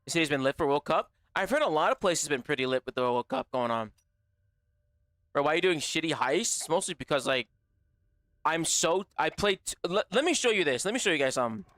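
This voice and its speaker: Bright-voiced young male streamer. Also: a little high, brisk, dry recording, studio quality. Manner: animated, profane, slangy banter with chat. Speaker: gaming livestreamer. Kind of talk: casual stream chat with viewers.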